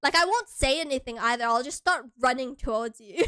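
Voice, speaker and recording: A woman's voice: sits high, a little fast, hardly any pauses, pushed and bright, no room sound, studio quality. A young woman from Hawaii chatting casually on a stream, bubbly and giggly, sometimes breaking into squeals.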